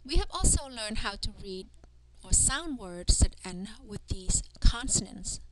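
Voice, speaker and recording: In a slow language lesson, a woman with a mid-range, expressive voice sounds out letters and words one at a time. Her pronunciation of each drilled sound is careful and deliberate, and there's noticeable background noise.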